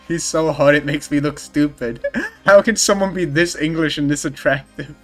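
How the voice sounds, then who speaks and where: An excitable man with a fairly high voice reacts to a game live, gushing and laughing between lines. Soft game music runs underneath his commentary. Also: normal speed. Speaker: streamer. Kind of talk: casual gameplay commentary.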